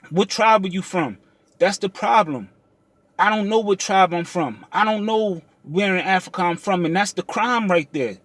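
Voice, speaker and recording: A man's voice: sits high, fairly bright tone, dry recording. A young man from the United States, a trucking vlogger, speaking in a heated, confrontational unscripted rant, with frequent restarts and repeated check-ins with the listener. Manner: heated and confrontational, many restarts and repeated "you understand what I'm saying".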